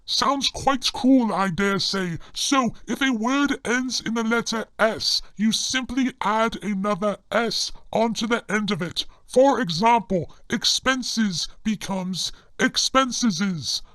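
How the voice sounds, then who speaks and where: A man giving scripted comedic narration in a formal, deadpan manner. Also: high-pitched, a little slow, few pauses, dry recording.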